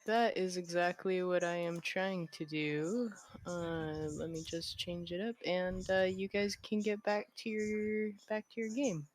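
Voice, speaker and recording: A woman's voice: lowish voice, fairly even intonation, no echo. A woman dropping in on friends' game, chatting casually and teasing them. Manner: teasing, unhurried. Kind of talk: casual chat.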